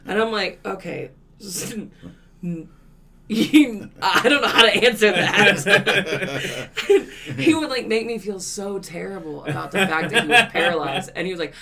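Gravelly-voiced man swearing through stories. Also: high-pitched, a little slow, crowd noise. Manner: swears freely, laughs through lively retellings. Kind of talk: casual storytelling.

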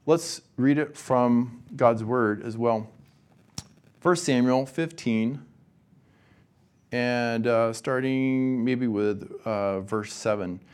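A man's voice: mid-range voice, very slow, pauses often, a little mellow, smooth. A man giving a college chapel sermon, casual and joking with the audience. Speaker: guest chapel speaker.

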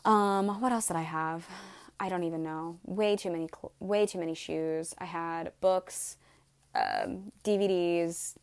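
A woman's voice: fairly low pitch, sing-song, unhurried, smooth. A woman in her twenties telling a rambling story to camera, swearing freely and saying "like" constantly. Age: 20s. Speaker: vlogger. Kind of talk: casual storytelling vlog.

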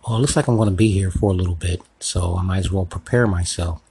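A man's voice: sits low, fast, dark tone, a little hiss or hum, rough recording. A man hosting a comedic solo podcast sketch, rambling and swearing as he talks to himself. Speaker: podcast host.

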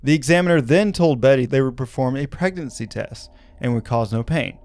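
A man's voice: mid-range voice, a little fast, darkish tone. A man from Arkansas who hosts a podcast, telling a story with wry asides and laughing at his own jokes. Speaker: podcast host.

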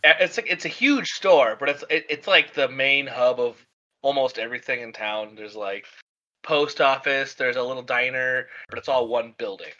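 Bright-voiced game master, rambling. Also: male voice, medium pitch, normal speed. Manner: loose, rambling, laughing narration. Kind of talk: narrating a tabletop game. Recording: dull lo-fi sound.

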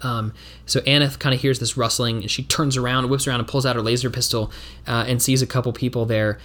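A man's voice: mid-range voice, level tone, a little fast, fairly bright tone. A man from the United States narrating and thinking aloud through a solo tabletop game, with many fillers and restarts.

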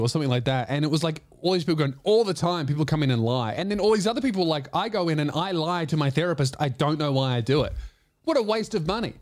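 A man's voice: fairly high pitch, lively intonation, fast talker. A man in his late twenties hosting a podcast, chatting casually and telling rambling jokey stories. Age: late 20s. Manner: joking, rambling storyteller. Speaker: podcast host. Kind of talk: casual chat.

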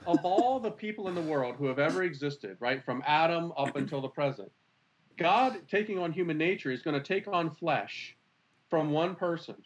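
Animated man, lively rising and falling voice. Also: a little high, moderate pace, a little hiss or hum, poor audio. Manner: expressive, rhetorical questions, earnest. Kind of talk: animated conversational teaching.

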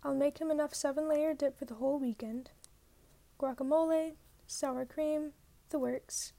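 Woman voicing a soft, patient mother. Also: sits high, moderate pace, gravelly. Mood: calm. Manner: soft, even, soothing.

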